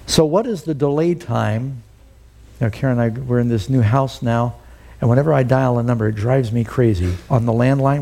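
A middle-aged man preaching a sermon, telling the story with animated, acted-out quotes. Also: medium pitch, husky. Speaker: pastor.

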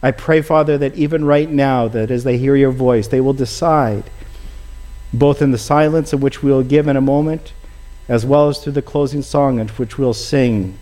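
A man's voice: mid-range voice, fairly even intonation, moderate pace, dark tone. A man preaching a sermon and leading a closing prayer, earnest and pleading, often calling his listeners friends.

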